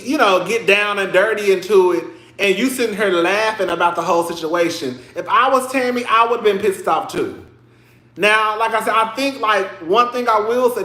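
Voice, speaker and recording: A man's voice: high voice, a bit bright, reverberant. A man hosting a podcast, chatting casually and rambling with lots of "like" and restarts. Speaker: podcast host. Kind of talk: casual commentary chat.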